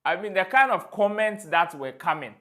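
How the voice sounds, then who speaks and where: A man's voice: sits high, expressive, normal speed, fairly bright tone. A man hosting a commentary show, reading viewer comments aloud with amusement. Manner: amused, laughs often while reading aloud. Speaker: host.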